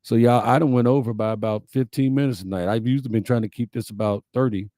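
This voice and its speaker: A man's voice: mid-range voice, fairly even intonation, fast, dark tone, dry recording, studio quality. A middle-aged man, hosting a livestream, reading viewer comments and answering them in a folksy, heartfelt, preacherly way. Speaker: host of a live-streamed message show.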